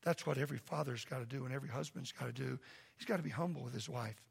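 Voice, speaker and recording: Gravelly preacher, shouting then soft. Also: male voice, medium pitch, rapid-fire. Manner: preaches loud and impassioned, then drops to a soft earnest plea. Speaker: pastor. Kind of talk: sermon. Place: church sanctuary.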